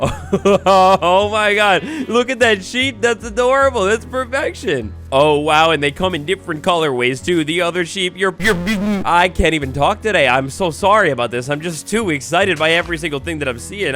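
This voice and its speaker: Excitable young man gushing over gameplay. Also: on the high side. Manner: excitable, gushing, swings between hushed awe and loud exclamations. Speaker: gaming YouTuber. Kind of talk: excited blind-reaction gameplay commentary.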